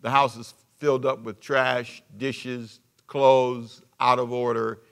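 Male pastor, sermon delivery, bright forceful tone, dynamic swings loud to hushed. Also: medium pitch, level tone, slow, gravelly, clear, resonant tone. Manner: preaching with sudden swings from loud emphasis to hushed asides.

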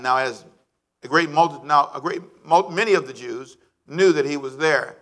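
A male pastor preaching a sermon, animated and calling on the congregation to answer back. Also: fairly high pitch.

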